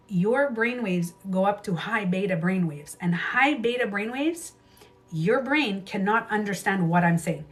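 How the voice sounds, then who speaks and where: A woman with a somewhat bright, mid-range voice runs a casual livestream as host and beauty coach. She talks with emphasis, repeats phrases, and swears freely, recorded through a livestream camera mic.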